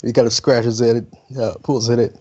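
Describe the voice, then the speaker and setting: A man's voice: mid-range voice, level tone, brisk, dark tone, breathy edge. A man running a tabletop game as game master, narrating in a loose, rambling way full of fillers. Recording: muffled lo-fi stream with faint music.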